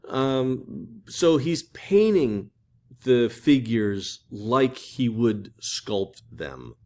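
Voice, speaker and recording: A man's voice: fairly low pitch, darkish tone. A man teaching an art history lecture in a casual, chatty way, with lots of fillers and restarts.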